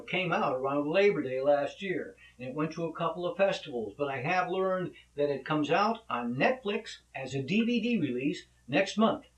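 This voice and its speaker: Guy rambling casually on his vlog, kinda high voice, echoey room, sits back from the mic. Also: far from the mic. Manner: conversational, rambling with asides. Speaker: vlog host, actor. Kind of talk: casual monologue and joke telling.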